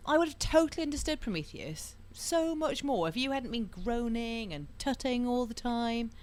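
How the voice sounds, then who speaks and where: A woman's voice: a little high, lively intonation, a little mellow, natural voice. A woman playing a young woman in a radio comedy sketch, teasing her partner about watching films. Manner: playful, teasing, drawn-out.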